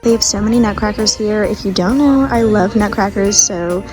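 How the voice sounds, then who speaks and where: A woman's voice: mid-range voice, normal speed, a little mellow, faint music behind. A young woman, chatting enthusiastically to camera as a vlogger. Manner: chatty and enthusiastic, gushing over finds. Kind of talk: casual vlog chat.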